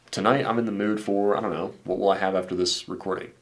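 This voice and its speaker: A man with a very low voice gives blunt, laid-back dating advice in casual commentary. He talks like he's chatting with a buddy, dropping "dude" and "man" and the odd curse word. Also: fairly even intonation, quick pace, few pauses. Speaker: dating coach. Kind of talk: casual commentary reacting to viewer messages.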